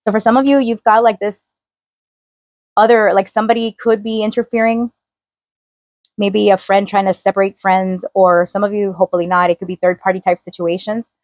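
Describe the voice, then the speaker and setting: A woman does a casual tarot reading straight to camera, chatting loosely with her viewers and filling the gaps with fillers as she reads the cards. Her mid-range voice is a little mellow with fairly even intonation, fairly quick, and recorded with no room sound.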